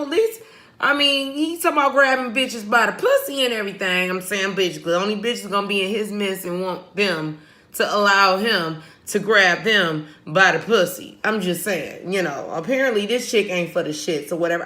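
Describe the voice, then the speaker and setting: Woman vlogger, loose profane news commentary, bright edgy voice, echoey room. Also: medium pitch, expressive, normal speed. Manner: profane, laughing, sings a chant. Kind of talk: casual commentary.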